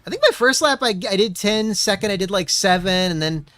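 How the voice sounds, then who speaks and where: A man's voice: high voice, expressive, a little fast, fairly bright tone, no room sound. A man streaming a racing game, muttering to himself and swearing often as he chats. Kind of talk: casual gameplay commentary.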